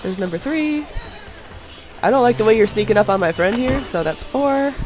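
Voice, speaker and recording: A man's voice: high-pitched, lively intonation, normal speed. A young man with a stuffy nose from a cold, chatting casually and laughing as he narrates his own gameplay. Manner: chatty, self-deprecating, laughs often. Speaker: gameplay commentator. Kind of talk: casual voice-over game commentary. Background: faint background music.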